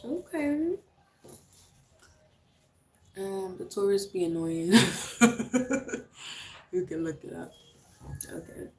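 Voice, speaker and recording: A woman's voice: mid-range voice, sing-song, slow, long pauses. Chatty woman in her thirties, roomy echo. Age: 30s. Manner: chatty, laughs often, reads viewer names aloud. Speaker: livestream host. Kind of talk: casual live chat with viewers.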